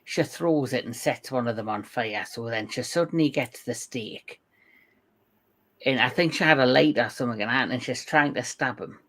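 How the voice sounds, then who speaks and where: A co-host in a casual film discussion, recapping scenes step by step with casual swearing. The voice sits at an ordinary middle pitch. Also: normal speed, fairly bright tone.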